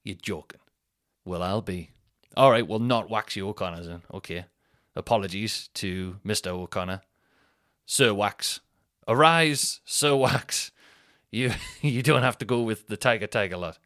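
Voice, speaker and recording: A man's voice: on the low side, unhurried, dry recording, studio quality. A man, rambling and swearing through a casual solo podcast chat. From North East England. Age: 30s. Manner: rambling and sweary, thinks out loud. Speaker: podcast host.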